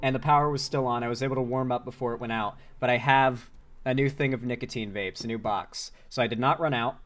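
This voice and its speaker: A man's voice: mid-range voice, fast talker, soft background music. A man from Florida chatting casually on a live stream, rambling and swearing, with a sore throat. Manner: rambling, profane, excitable. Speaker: political commentary streamer.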